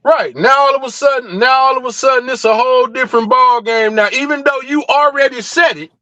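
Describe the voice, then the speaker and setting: A man's voice: very high voice, brisk, bright, forceful tone, no echo, poor audio. A man hosting a livestream, ranting in a fired-up, blunt and profane way, full of rhetorical questions. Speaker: livestream host. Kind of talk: heated livestream rant.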